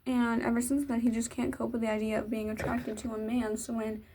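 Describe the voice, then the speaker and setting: A woman's voice: fairly high pitch, darkish tone. A young woman from Virginia chatting casually while doing her makeup, rambling and poking fun at herself. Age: young adult. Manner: rambling, self-mocking, chatty. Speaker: vlogger. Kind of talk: casual get-ready-with-me chat.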